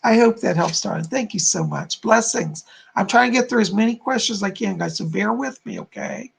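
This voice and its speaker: Gravelly-voiced man giving psychic readings. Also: sits high, brisk. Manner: soothing, calls viewers darling and hon. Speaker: psychic medium host. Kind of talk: live-stream psychic readings.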